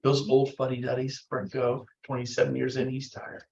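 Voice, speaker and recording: A middle-aged man giving a lively motivational talk to real estate agents, acting out quotes in different voices. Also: medium pitch, normal speed, vocal fry. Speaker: motivational speaker. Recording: roomy, dull lo-fi room recording.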